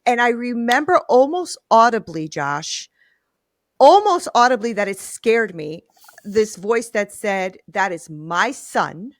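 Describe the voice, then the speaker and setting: A middle-aged woman hosting a podcast interview, telling a personal story in an earnest, animated way. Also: on the high side, unhurried, no room sound, studio quality. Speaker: podcast host. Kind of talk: conversational interview.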